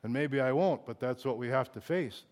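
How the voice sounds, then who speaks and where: A middle-aged man preaching a sermon, moving between quiet confiding talk and loud impassioned bursts, emotional at times. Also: medium pitch, normal speed. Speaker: pastor.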